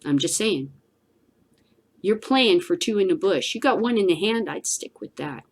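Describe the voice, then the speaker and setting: A woman's voice: fairly low pitch, expressive, normal speed. A woman hosting a cannabis news show, giving blunt, emphatic solo commentary with a preachy edge.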